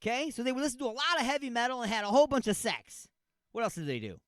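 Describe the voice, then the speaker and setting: A man's voice: very high-pitched, animated, fast talker, a bit bright, no echo, clean studio sound. A man hosting a comedic radio talk show, rambling and jokey, repeating himself and stretching words for effect. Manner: rambling, jokey, mock-outraged.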